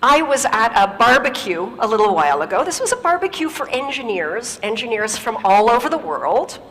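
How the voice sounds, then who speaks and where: A woman's voice: on the high side, sing-song, a little fast, fairly bright tone, big-room sound, low-quality recording. A woman giving a stage talk. She tells stories emphatically and uses rhetorical questions and repetition.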